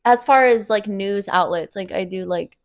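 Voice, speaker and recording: A woman's voice: medium pitch, moderate pace. A young adult woman hosting a podcast, chatting casually with friends, rambling and filling her talk with "like". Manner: rambling, heavy use of "like", laughs often. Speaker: podcast host. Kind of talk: casual chat among friends.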